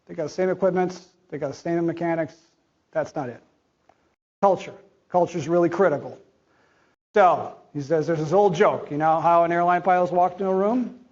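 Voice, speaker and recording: A man with a fairly high voice gives a conference talk in a blunt, conversational way, tossing in slangy asides. The audio is dull and lo-fi. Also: normal speed, darkish tone. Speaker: chief medical officer giving a conference talk.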